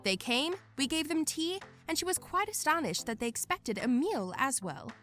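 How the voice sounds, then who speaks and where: A woman narrating Reddit posts as a lively scripted storytelling read. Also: high voice, moderate pace, faint music behind.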